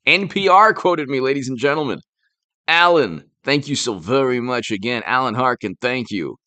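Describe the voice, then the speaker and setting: A man's voice: medium pitch, lively intonation, normal speed, pushed and bright, dry recording. A man doing a casual political live stream, rambling and sarcastic, stopping to thank viewers who send donations. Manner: rambling, sarcastic, thanks super chat donors mid-talk.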